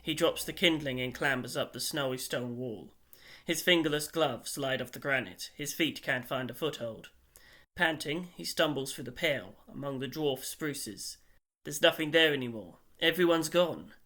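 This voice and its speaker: A man narrating an audiobook in a measured, wry storytelling manner. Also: mid-range voice, bright, forceful tone.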